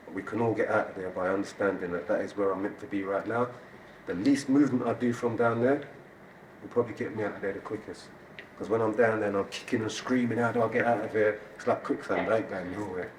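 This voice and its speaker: Animated man telling a story in an echoey hall. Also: lowish voice. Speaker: event speaker. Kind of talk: personal storytelling on stage. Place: event hall. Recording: roomy hall audio from a distance, audience noise.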